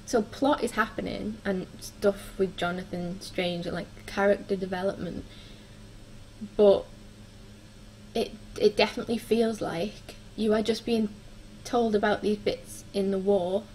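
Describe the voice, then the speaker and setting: A woman's voice: mid-range voice, fairly even intonation, measured pace, a little mellow, a little hiss or hum, poor audio. A young woman chatting casually through her book reviews, with frequent ums and likes. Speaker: book vlogger.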